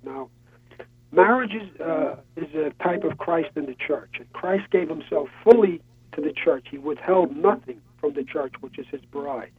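A man's voice: fairly high pitch, slightly rough. A man calling in to a radio show, earnestly listing sources with hesitant fillers, heard over a telephone. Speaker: caller. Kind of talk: call-in radio comment. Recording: tinny phone line.

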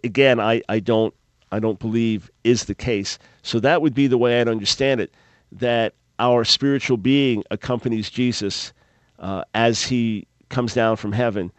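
A male talk radio host works through a listener's Bible question with measured, careful explanation. His voice sits at an ordinary middle pitch. The sound is dry and close. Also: fairly even intonation, no room sound. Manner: measured, explanatory, thoughtful pauses. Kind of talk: call-in radio Bible answers.

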